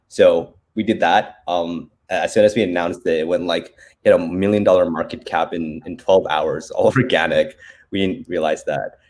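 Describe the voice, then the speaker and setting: A man's voice: low-pitched, a little mellow. A seventeen-year-old man from Canada, a startup founder explaining his project in a casual interview, eager and full of "like" and "um". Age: teens, seventeen. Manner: quick, eager, laughs easily, uses "like" and "um".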